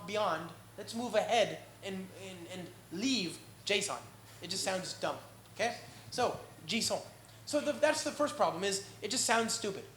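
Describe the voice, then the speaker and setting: American guy giving a tech talk, kinda high voice, jokey and fast-moving, echoey room w faint hum. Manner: energetic, joking, keeps checking in with the audience. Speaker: conference speaker. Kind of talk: live tech conference talk. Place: indoor meetup venue.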